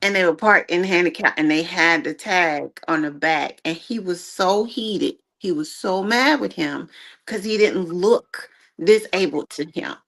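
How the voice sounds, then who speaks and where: Lower-voiced woman, emphatic. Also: unhurried, creaky, fairly bright tone. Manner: emphatic, opinionated. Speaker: podcast co-host. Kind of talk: casual chat.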